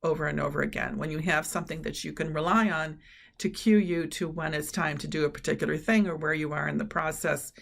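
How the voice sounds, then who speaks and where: A woman's voice: low voice, fairly even intonation, fairly quick, vocal fry. A middle-aged woman giving a webinar presentation on learning, talking in an earnest, explanatory way with frequent fillers. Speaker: presenter on cognitive training.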